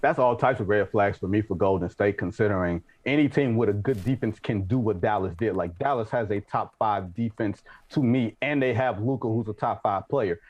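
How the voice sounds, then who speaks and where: A man's voice: lowish voice, brisk, hardly any pauses, a little mellow. A man giving blunt, emphatic opinions as a guest on a basketball talk show, mixing jokes into his arguments. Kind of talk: opinionated sports debate.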